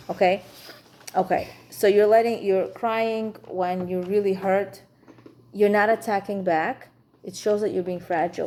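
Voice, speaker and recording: A woman's voice: mid-range voice, warm tone, slight background noise. A woman teaching an informal class for women on marriage, chatty and frank, with humor.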